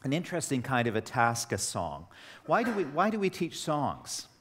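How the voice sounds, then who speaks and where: A middle-aged man giving a workshop to teachers, telling stories with lively acted dialogue. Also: medium pitch, normal speed, a little hiss or hum. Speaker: teacher trainer. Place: training hall. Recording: echoey hall with long reverb.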